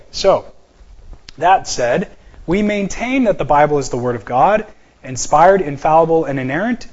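A man teaching an apologetics class from slides, joking and slowing down to stress key words. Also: mid-range voice, muffled recording.

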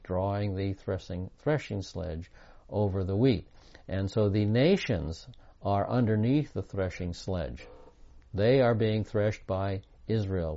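A man's voice: fairly low pitch, dark tone, highs cut off. A man giving a Bible teaching with slides, reading scripture aloud in an earnest, emphatic way.

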